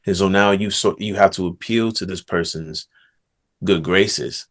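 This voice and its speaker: A man's voice: low voice, measured pace, a bit bright. A man, a guest author, talking casually in a rambling way, full of filler words and slang. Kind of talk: casual conversation.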